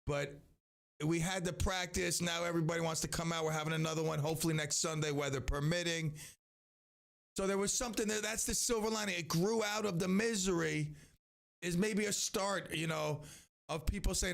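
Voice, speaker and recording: Gravelly middle-aged man rambling on a stream. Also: on the high side, brisk. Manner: rambling, animated, self-interrupting with restarts. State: voice slightly rough from yelling. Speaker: live stream host and youth sports coach. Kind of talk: casual solo live stream chat.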